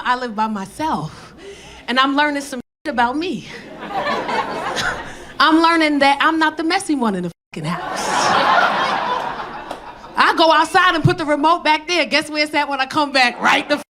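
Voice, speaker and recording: A woman doing stand-up, blunt and profane, shouting punchlines and dropping low for asides. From South Bronx, New York. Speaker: stand-up comedian. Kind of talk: stand-up routine. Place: comedy club stage.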